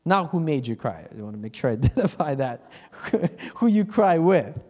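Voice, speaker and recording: High-voiced man preaching in a reverberant hall. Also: sing-song, moderate pace, a little mellow, highs cut off. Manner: conversational, self-laughing, mimics others' prayers. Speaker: pastor. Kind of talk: sermon.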